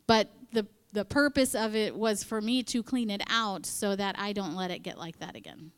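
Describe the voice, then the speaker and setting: A woman's voice: mid-range voice, moderate pace, few pauses, smooth. A woman speaking to a women's church gathering in a chatty, conversational sermon, acting out quoted voices and dropping into whispered asides. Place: in front of a live audience.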